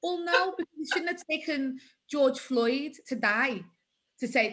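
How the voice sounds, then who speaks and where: A woman's voice: high voice, measured pace, fairly bright tone. Scouse woman in her forties. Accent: Liverpool. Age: 40s. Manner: emphatic, repeats phrases for stress. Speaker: guest. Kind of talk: conversational interview.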